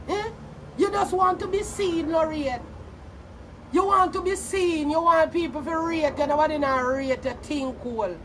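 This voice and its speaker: In heated bursts of mockery and cursing, a high-voiced Jamaican woman vlogger rants at the camera, hurling insults. Underneath, there's a faint background hum.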